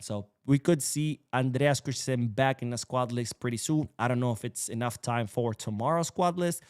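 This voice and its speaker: A man's voice: mid-range voice, a little mellow, clear, resonant tone. A man hosting a casual sports podcast, chatty and opinionated, wandering off into side remarks. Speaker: podcast host.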